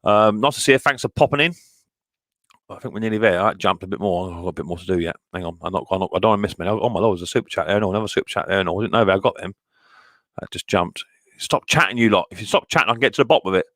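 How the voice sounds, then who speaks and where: A man's voice: deep voice, very fast, fairly bright tone, no room sound, studio quality. A man hosting a live stream, chatting casually and greeting viewers by name with cheerful banter. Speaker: livestream host reading chat.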